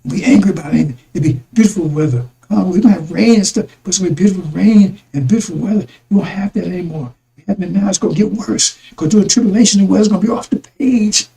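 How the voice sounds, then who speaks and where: A man's voice: high-pitched, fast, creaky, hardly any pauses, mellow, rough recording. A man giving a rambling religious talk to his listeners, repeating himself and calling them brothers and sisters. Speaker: religious broadcaster.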